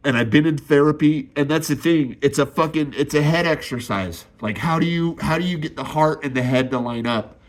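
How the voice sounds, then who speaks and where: With a slightly high voice at normal speed, a young man vlogs a raw, confessional monologue. He swears, sighs often, and his voice rises as distress takes hold.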